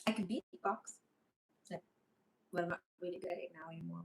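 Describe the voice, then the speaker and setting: A woman's voice: lowish voice, fairly even intonation, fairly quick, gravelly. A woman chatting on a livestream, rambling and emotional. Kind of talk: casual livestream chat reading comments. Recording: voice a bit far from mic, faint noise.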